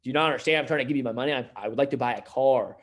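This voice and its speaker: A man's voice: mid-range voice, racing, natural voice. A man voicing a confused, frustrated customer trying to buy a car, insistent and exasperated.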